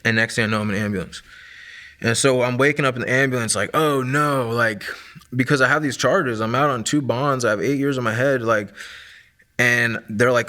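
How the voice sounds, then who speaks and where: A man's voice: medium pitch, fairly even intonation, a little fast, bright, forceful tone. A man in his late twenties from Maryland, telling his personal testimony in a casual way, full of fillers and restarts. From Maryland, USA. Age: 20s. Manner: casual, filler-heavy storytelling with many likes and restarts. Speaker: guest sharing testimony.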